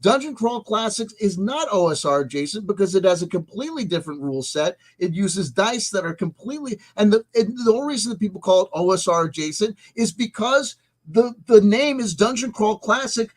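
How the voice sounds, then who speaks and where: A man hosting a vlog, ranting emphatically with profanity and swinging between loud outbursts and soft asides. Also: high voice, expressive, brisk. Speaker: host.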